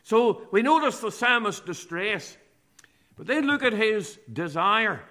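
Slow, bright-voiced male preacher. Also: sits high, expressive. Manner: slow, deliberate preaching with read-aloud scripture. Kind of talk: sermon.

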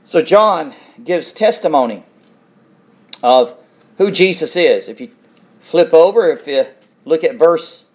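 A male preacher with a notably high voice delivers a sermon, reading Bible verses and then unpacking them. He talks emphatically and repeats key phrases for effect. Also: expressive, slow pace, long pauses, darkish tone. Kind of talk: expository sermon reading scripture.

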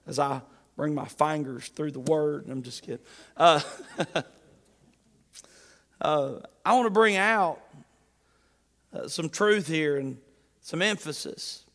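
A man's voice: on the high side, takes it slowly, long pauses, fairly bright tone. A man preaching a sermon as pastor, folksy and jokey, building to emphatic bursts. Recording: long reverb of a large hall.

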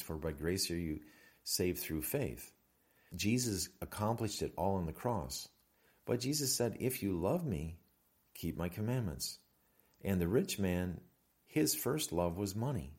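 Deep-voiced man preaching slowly. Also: a little mellow. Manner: measured, reads scripture aloud in King James wording. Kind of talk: sermon.

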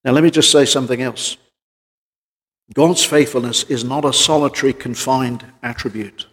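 This sermon comes from a man with a mid-range voice who talks at a normal speed, and the room sounds big. His tone is earnest as he poses rhetorical questions and swings between forceful and softer passages.

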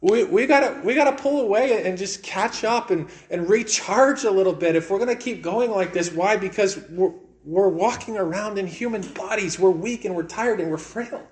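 A man preaching a sermon in an earnest way, repeating words and swinging between raised and hushed delivery. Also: high-pitched, moderate pace, few pauses.

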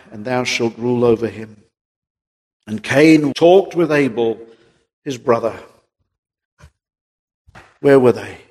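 A man preaching a sermon, rising to high emphatic peaks and then dropping low and quiet. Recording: long reverb of a large hall.

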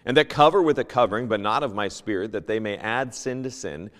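A man teaching a Sunday school lesson, reading King James scripture aloud and moving between loud emphasis and hushed asides. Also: on the low side, lively intonation, brisk, in a large hall. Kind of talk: Bible teaching, sermon. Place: church.

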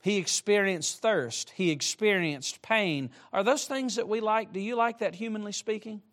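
High-voiced, emphatic male preacher. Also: moderate pace. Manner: emphatic, repeatedly urging listeners with direct appeals; swings between soft asides and loud, climbing emphasis. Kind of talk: sermon to a youth congregation.

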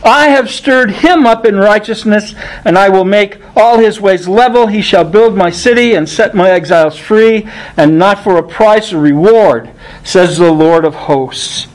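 A man preaching a sermon, reading scripture aloud and rising in pitch on the quoted lines, thinking aloud with restarts. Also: measured pace, low-quality recording. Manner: rises in pitch when quoting scripture.

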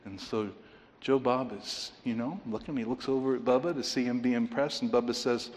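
A man's voice: medium pitch, steady tone, fairly quick, a little mellow, long reverb tail, a little hiss or hum. A man preaching a sermon, telling a joke and reading scripture, asking his listeners rhetorical questions. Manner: storytelling, asks the congregation rhetorical questions.

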